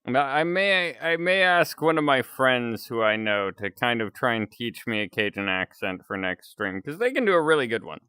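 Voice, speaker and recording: A man's voice: medium pitch, big pitch swings, normal speed, few pauses, sharp tone, smooth, dry recording, studio quality. A man chatting casually on a live stream, rambling and chuckling between remarks.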